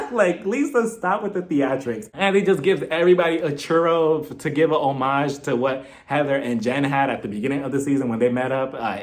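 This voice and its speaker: Young guy dishing on reality tv, bit high voice, laughs a lot, super chatty. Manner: chatty and gossipy, with frequent laughs and mock impressions. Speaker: YouTube TV reviewer. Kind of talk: casual show recap.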